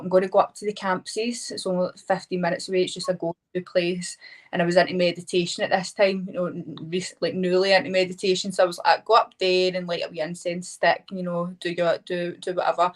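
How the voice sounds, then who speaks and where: A woman with a Scottish accent, a hypnotherapist guest telling a personal story in a lively, chatty way full of laughs and fillers. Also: on the low side, low-quality recording. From Scotland. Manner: animated, laughing, many fillers like "like". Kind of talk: casual storytelling interview.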